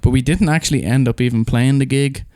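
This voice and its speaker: Irish guy rambling thru gig stories, laughing a lot, clean smooth voice, dry close sound. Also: medium pitch, quick pace, a little mellow, no echo. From Ireland. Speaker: guest drummer. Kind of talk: casual podcast storytelling. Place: bedroom.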